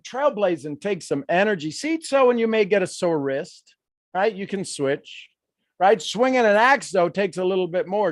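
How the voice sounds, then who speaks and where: A fairly high-voiced male coach teaches a live workshop with plenty of energy, laughing and taking on quoted voices. The recording sounds close and dry.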